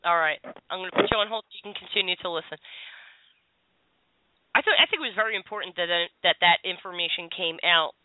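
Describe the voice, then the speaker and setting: A woman's voice: lowish voice, fast talker. A woman hosting a call-in radio show as a psychic, chatty and reassuring. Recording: tinny phone-line radio sound.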